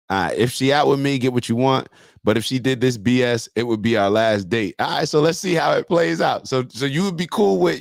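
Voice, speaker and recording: A man's voice: medium pitch, vocal fry, no room sound, studio quality. A man hosting a morning show, reacting to a clip and reading viewer comments in loose, slangy talk aimed straight at his viewers.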